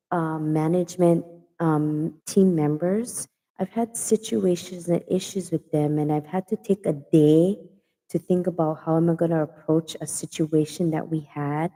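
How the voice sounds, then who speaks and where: A woman from Hawaii with a Pidgin-tinged accent talks casually to her livestream viewers, going over her points again and again. Her voice sits low and sounds deeply mellow. A long reverb trails behind her words. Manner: chatty, repeats herself for emphasis. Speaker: livestream host. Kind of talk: casual chat.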